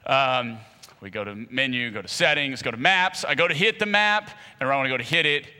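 A man telling a comic personal story in a sermon, animated and acting out quotes with loud bursts, in a large church auditorium. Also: mid-range voice, brisk, smooth, big-room sound.

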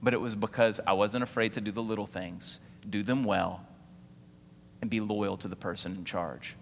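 A man's voice: lowish voice, steady tone, moderate pace, gravelly, a little hiss or hum. A man in his forties preaching a sermon as pastor, firing rhetorical questions at the congregation and calling on them to answer. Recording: long hall reverb.

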